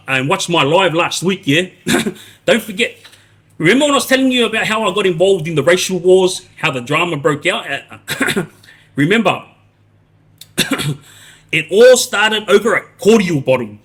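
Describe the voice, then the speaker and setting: A man's voice: high-pitched, animated, moderate pace, fairly bright tone, husky. A man, telling stories on a live stream in a rambling way, full of restarts and "yeah?" checks. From Australia. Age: 40s. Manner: rambling, many restarts and tag questions like "yeah?". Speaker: livestreamer telling prison stories. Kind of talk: casual storytelling on a live stream.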